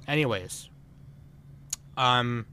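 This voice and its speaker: A man co-hosting a podcast, ranting loudly and profanely, swinging between shouting and muttering. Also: mid-range voice, very slow, a little hiss or hum. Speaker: podcast co-host. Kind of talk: casual chat.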